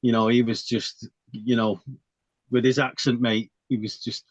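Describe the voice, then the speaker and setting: A man's voice: medium pitch, flat delivery, unhurried, breathy edge, no echo. A man spins army stories in loose casual chat, breaking into laughter and swearing freely. He keeps tagging "you know what I mean" onto his sentences. The recording sounds dull and dry. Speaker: guest telling his army story.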